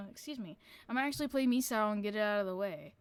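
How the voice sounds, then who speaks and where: A woman's voice: medium pitch, lively intonation, quick pace, clean tone, no room sound. Rambling, casual woman streamer. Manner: rambling, lots of "like" and "um", swears casually.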